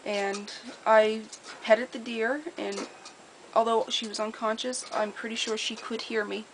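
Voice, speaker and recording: A woman telling a personal story in a casual, earnest way, detailed and steady, with small repeated restarts. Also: on the high side, measured pace, a little hiss or hum, poor audio. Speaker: storyteller sharing a personal memory.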